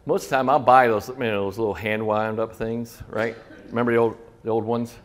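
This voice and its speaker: With a fairly low pitch, fairly even intonation and a slightly fast delivery, a middle-aged man recounts kitchen stories to listeners. He's a restaurant consultant, and he keeps it loose, swearing casually while doing the voices of cooks and chefs.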